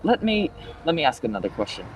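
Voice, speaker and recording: A man's voice: a little high, sing-song, quick pace, slight background noise. Tentative man role-playing at a game table. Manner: tentative, guarded. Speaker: player. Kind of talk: in-character tabletop role-play.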